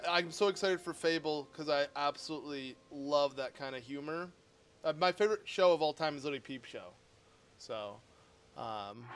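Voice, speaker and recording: A man streaming a game live, chatting casually with his viewers in an excitable, talkative way and laughing often. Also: fairly high pitch.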